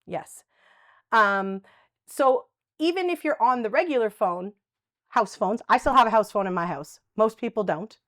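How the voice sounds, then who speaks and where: A woman's voice: a little high, lively intonation, unhurried, fairly bright tone, dry recording, clean studio sound. A woman presenting a live dementia workshop, chatty and conversational, often checking in with "right?". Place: workshop room with a live audience.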